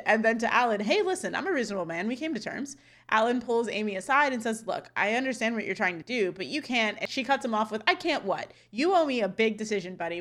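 A woman's voice: mid-range voice, a bit bright. A woman co-hosting a podcast, recapping a sitcom episode scene by scene in casual chat, quoting lines and laughing often. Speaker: podcast co-host.

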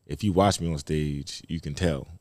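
Man, comedian guest, very low pitch, dead-dry sound, animated cussing storyteller. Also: normal speed, dry recording. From Baltimore. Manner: animated storyteller, profane, slips into quoted voices. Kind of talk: casual podcast chat.

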